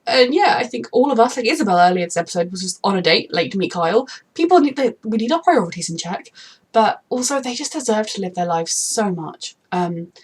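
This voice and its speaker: A young woman in a casual reaction vlog, husky and a little breathy at a mid pitch. She rambles eagerly and gushes about her favourite characters, circling back to stress how much she loves them. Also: expressive, fairly quick. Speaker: TV reaction vlogger. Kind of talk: casual unscripted commentary.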